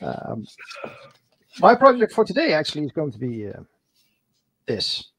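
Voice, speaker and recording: A man who is a guest on a casual livestream chat, talking in a relaxed, wry and easygoing way. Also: a little high, unhurried, husky, low-quality recording. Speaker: guest hobbyist.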